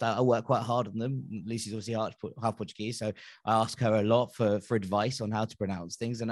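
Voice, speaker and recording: A man's voice: on the low side, no echo. Man hosting a chatty podcast, dry sound. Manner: animated, exasperated storytelling. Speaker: podcast host. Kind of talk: casual chat.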